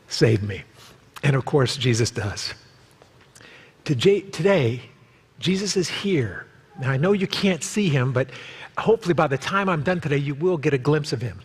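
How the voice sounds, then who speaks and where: A pastor preaching in a church sanctuary, animated and quick to joke, slipping into quoted voices. His voice sits fairly high for a man. The sound carries a long hall reverb from the room around a stage mic. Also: husky. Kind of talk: sermon.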